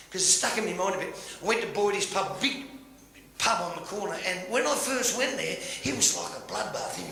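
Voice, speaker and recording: An Australian man doing a bawdy stand-up routine. He tells crude jokes and shouts the punchlines. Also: high voice, creaky. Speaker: stand-up comedian. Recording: roomy club recording with loud noise.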